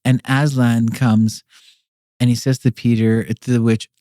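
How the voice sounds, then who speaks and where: Male guest with a warm, relaxed voice and a dry sound; talks loosely, with stops and restarts. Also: medium pitch, unhurried, no room sound. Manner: rambling, with many fillers and repeated restarts. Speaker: podcast guest. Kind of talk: casual explanatory conversation.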